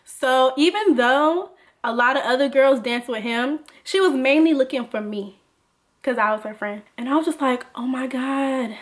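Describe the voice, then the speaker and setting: A young woman vlogger telling a casual story, animated and laughing, full of "like". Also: sits high, moderate pace. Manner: animated, laughing, lots of filler "like".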